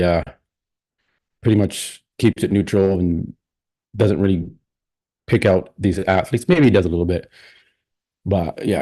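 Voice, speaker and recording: A man's voice: sits low, dark tone. A man hosting a live stream, chatting casually and rambling with plenty of restarts and opinions.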